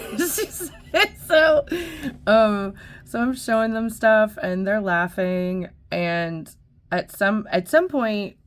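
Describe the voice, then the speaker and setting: A woman's voice: mid-range voice, takes it slowly. A middle-aged woman host telling a story in a casual, profane, chatty way, full of fillers and laughs. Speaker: vlogger host.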